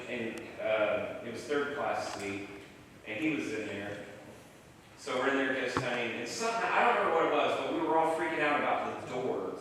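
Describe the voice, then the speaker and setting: A man's voice: mid-range voice, a bit bright, a little hiss or hum. A man telling a story at a live Q&A, rambling with lots of "like" and acting out quotes. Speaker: paranormal investigator telling a story. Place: large echoey event hall. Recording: echoey hall, voice from far off.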